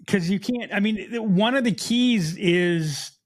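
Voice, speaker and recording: A man co-hosting a casual podcast, with a slight Mid-Atlantic American accent, talking in an animated way with frequent restarts. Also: high voice, a little slow. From United States. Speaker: podcast co-host. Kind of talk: casual chat.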